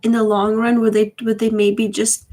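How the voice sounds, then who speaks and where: A woman's voice: a little high, monotone, moderate pace, darkish tone, rough recording. A woman in her thirties chatting casually on a live stream, rambling with wry asides. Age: 30s. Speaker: vlogger.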